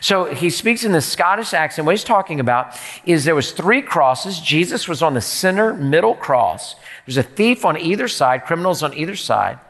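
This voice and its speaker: Male pastor with a slightly high voice, preaching rhetorically in a big echoing hall. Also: very animated, normal speed, a bit bright. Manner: rhetorical, repeats questions. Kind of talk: sermon. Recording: long reverb in a large hall.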